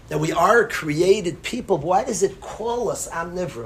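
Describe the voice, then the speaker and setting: A man, a rabbi, giving a passionate sermon-style Torah class, swinging from loud cries to hushed near-whispers and peppering his speech with Hebrew and Yiddish terms. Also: high voice, expressive, moderate pace, a little hiss or hum.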